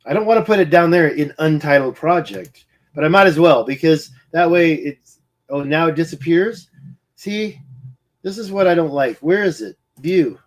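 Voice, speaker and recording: A man's voice: on the high side, normal speed. A man rambling through a screen-share of satellite maps, muttering, restarting his sentences and getting sidetracked by hiccups. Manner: distracted, muttering, self-correcting. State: hiccuping, eye twitching. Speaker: independent researcher presenting maps.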